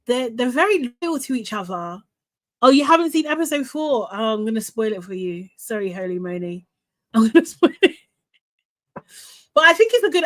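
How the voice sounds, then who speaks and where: A woman host chatting live to her viewers, animated and laughing often, with lots of fillers. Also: a little high. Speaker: host recapping a reality show. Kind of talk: live casual chat to viewers.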